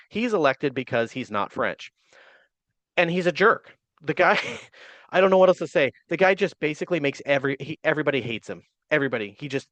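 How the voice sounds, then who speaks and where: A man's voice: mid-range voice, a bit bright, no room sound, highs cut off. A man teaching church history in a casual, conversational way, wry and joking, often acting out quoted figures. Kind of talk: casual explanatory lecture.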